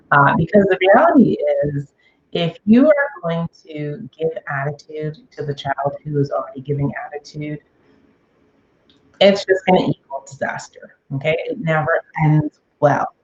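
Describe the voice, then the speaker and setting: A woman's voice: low-pitched, expressive, normal speed, muffled recording, slight background noise. A middle-aged woman hosting a parenting podcast, giving casual advice with lots of "okay?" and "um". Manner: chatty, frequent "okay?" and "um" check-ins.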